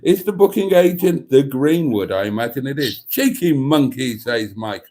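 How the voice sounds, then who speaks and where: A man's voice: mid-range voice, expressive, moderate pace, dark tone. A man hosting a casual livestream, reading comments and teasing with dry quips. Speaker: livestream host.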